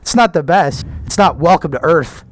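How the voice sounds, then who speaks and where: A man rambling through a profane, sarcastic film review, excitable and quick to switch between near-shouting and mutters. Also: fairly high pitch, no room sound.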